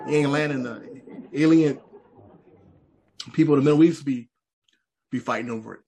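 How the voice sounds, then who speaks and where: A man doing stand-up comedy, animated and repetitive, talking straight to the audience. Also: medium pitch, normal speed, slightly rough. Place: comedy stage. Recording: live show, faint crowd and noise.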